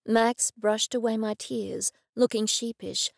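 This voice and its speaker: Woman narrating with a gravelly, close sound. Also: on the high side, fairly even intonation, takes it slowly, dry recording. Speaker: audiobook narrator. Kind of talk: first-person audiobook narration.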